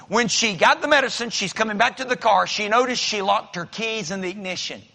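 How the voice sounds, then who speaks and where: This pastor's voice is high-pitched, brisk, and gravelly, with a bright, forceful tone. He preaches in a church sanctuary, telling folksy stories and performing each character's voice. The recording carries the long reverb of a large hall.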